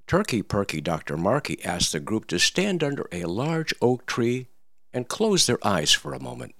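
A man's voice: fairly low pitch, huge pitch swings, normal speed, fairly bright tone, dry recording, studio quality. A man giving satirical political commentary, telling a mocking fairy tale in a theatrical, sing-song way.

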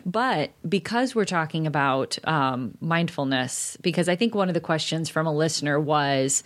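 A tired woman co-hosting a podcast, chatty and quick to laugh. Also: low voice. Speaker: podcast co-host. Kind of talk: casual chat.

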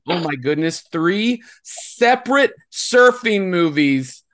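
Man, podcast host, casual and jokey, voice a bit high. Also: lively intonation, a little slow. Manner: upbeat and jokey, laughs often. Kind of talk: casual chat. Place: Texas.

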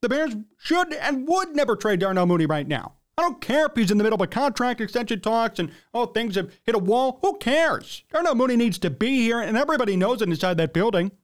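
Young male sports host, blunt and riled up, higher voice. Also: sing-song, fairly quick, hardly any pauses. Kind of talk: opinionated sports commentary.

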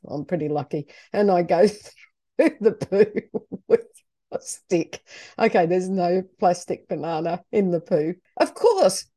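Brief: middle-aged woman, warm mellow voice, casual expressive storyteller, podcast host. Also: on the low side. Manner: chatty, digressive and expressive, acting out her own reactions.

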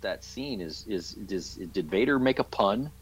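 A man's voice: lowish voice, lively intonation, unhurried, breathy edge. A man on a casual movie review podcast panel, giving blunt, wry opinions.

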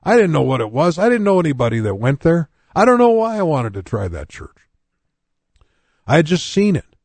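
An older man in his sixties preaching a personal testimony, earnest and plain-spoken. His voice sits a little high for a man. The sound is dry and close, with no room echo. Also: sing-song, brisk, a little mellow. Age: 60s. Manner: earnest, plain-spoken storytelling that speaks straight to listeners.

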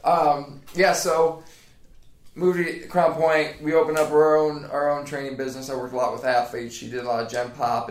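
Man, 30s, from Indiana, gravelly, rambling podcast guest, roomy echo. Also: medium pitch. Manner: rambling, laid-back, many fillers. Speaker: podcast guest, personal trainer. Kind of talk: casual interview chat.

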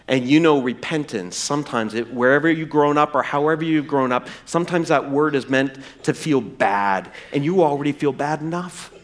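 A man preaching a sermon in church, swinging from loud emphasis to hushed, drawn-out words and acting out quoted dialogue in a raised voice. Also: medium pitch. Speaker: pastor.

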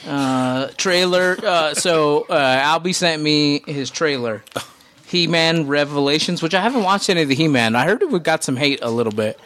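A man's voice: a little high, moderate pace, a bit bright. A man co-hosting a casual podcast chat, joking around and laughing often. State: low on energy after illness. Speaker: podcast co-host.

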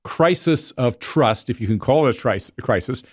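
A man's voice: medium pitch, lively intonation, moderate pace, dry recording, clean studio sound. A man speaking as a guest editor in a casual discussion, digressive and often repeating words as he restarts.

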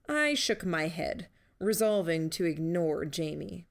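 A woman narrating a first-person novel in a measured, steady reading. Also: on the low side. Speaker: audiobook narrator.

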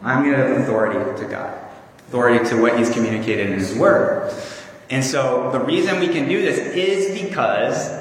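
A man's voice: medium pitch, moderate pace, slight background noise. A man preaching a sermon in an earnest, conversational way with small fillers. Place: church hall. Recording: echoey hall from far off.

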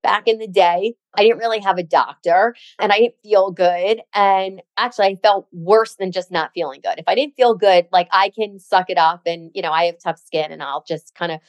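A woman's voice: medium pitch, fairly even intonation, moderate pace, few pauses, dry recording. A woman co-hosting a podcast, telling a story in a sarcastic, emphatic way, full of "like" and "you know". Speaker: podcast co-host. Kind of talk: casual chat.

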